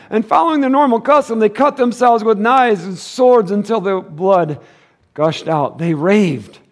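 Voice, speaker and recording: A middle-aged male pastor preaching a sermon, joking and animated, then dropping to a hushed, earnest tone. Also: high voice.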